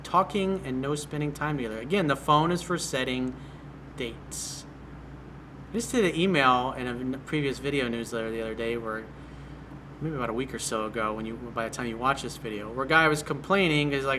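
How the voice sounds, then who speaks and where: A man's voice: mid-range voice, brisk, pushed and bright, a little hiss or hum. A man working as a dating coach, reading out and answering a viewer's email in a blunt, direct way.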